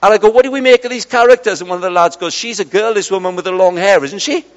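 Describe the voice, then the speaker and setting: A middle-aged man preaching, telling lively stories and acting out conversations with his mates. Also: high-pitched, quick pace. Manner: lively, chatty, acts out dialogue with friends. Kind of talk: storytelling sermon. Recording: dull sound in a large reverberant hall.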